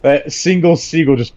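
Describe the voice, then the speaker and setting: A man's voice: mid-range voice, dark tone, dull audio. A man playing a tabletop game, chatting loosely and jokily with plenty of swearing. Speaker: player. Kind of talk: casual tabletop game chat.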